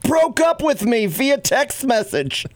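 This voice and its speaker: A man's voice: very high voice, very animated, takes it slowly, voice pushed up, heavily acted. A man putting on his late mother's New York accent as an older woman reading confessions aloud in a drawling, exaggerated voice. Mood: amused.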